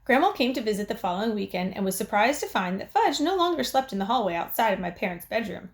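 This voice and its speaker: A woman teacher reading a chapter book aloud to her class, with expressive, clear storytelling. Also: medium pitch, brisk, few pauses.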